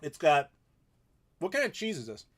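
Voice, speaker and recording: Guy in his 30s doing a chill live q&a at home, kinda high voice, laughs a lot. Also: wildly swooping pitch, normal speed, a bit bright. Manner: easygoing and chatty, laughs often. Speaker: host of a live stream. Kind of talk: casual live Q&A chat. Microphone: desk mic in front of him.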